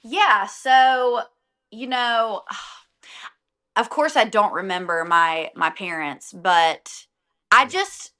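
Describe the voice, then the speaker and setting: A woman's voice: mid-range voice, very slow, bright, forceful tone. A young adult woman, a singer and guest on an interview podcast, talking casually and animatedly, often laughing.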